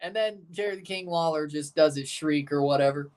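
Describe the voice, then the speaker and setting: A man's voice: fairly high pitch, a little fast, a little mellow. A young man giving rambling, jokey live commentary while watching a match and chatting to his viewers. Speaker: watchalong streamer.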